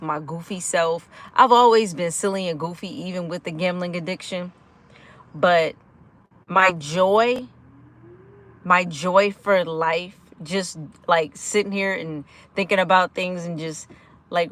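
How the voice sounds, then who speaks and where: A woman hosting a casual livestream, energetic and giggly, laughing often while she chats with viewers and answers their comments. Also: lowish voice. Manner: chatty, with frequent fillers like "like" and "y'all". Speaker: livestream host of a gambling recovery channel.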